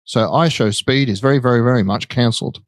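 A man's voice: mid-range voice, fast talker, no echo. Rambling, swearing man on a podcast. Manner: rambling, swears freely, acts out quotes. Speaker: podcast co-host. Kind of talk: casual chat. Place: indoors on a couch.

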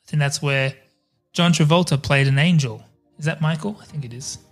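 Chatty man with a slightly high voice. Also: fairly quick, faint music behind. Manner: rambling, laughs easily. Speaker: podcast co-host. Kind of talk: casual film-review chat.

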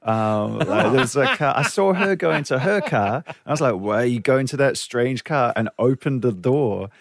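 A man's voice: medium pitch, expressive, moderate pace, gravelly, no room sound, studio quality. A middle-aged man with a New Zealand accent, a comedian guest telling stories on a radio show, chatty, laughing often and restarting his sentences. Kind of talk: radio interview, storytelling. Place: radio studio. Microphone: studio microphone.

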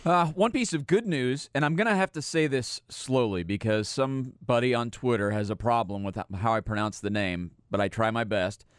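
A man's voice: mid-range voice, moderate pace, few pauses, clear, resonant tone, dry recording. A middle-aged man talking casually as a sports radio host. He rambles and pokes fun at himself. The studio sound is dry and close. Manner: chatty, rambling, self-deprecating.

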